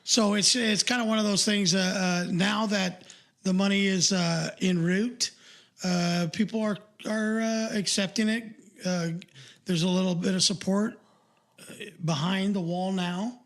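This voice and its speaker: A man's voice: high voice, steady tone, unhurried, fairly bright tone. An older man co-hosting a podcast, chatting casually and rambling with lots of fillers and restarts. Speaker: podcast co-host.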